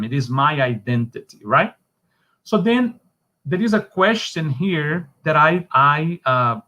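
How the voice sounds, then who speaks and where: A man with a Brazilian Portuguese accent, a native Portuguese speaker giving an academic online lecture in a halting, discursive way with frequent restarts. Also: medium pitch, fairly bright tone.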